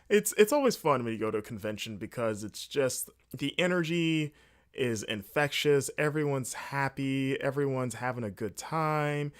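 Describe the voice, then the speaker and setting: Man, solo podcast host, casual rambling, very lively pitch, middle register, jokey. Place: indoors, late at night.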